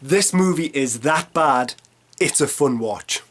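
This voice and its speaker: A man's voice: on the high side, expressive, slow pace, fairly bright tone. A man in his thirties reading a scripted film review, with sarcastic, punchy jokey asides. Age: 30s.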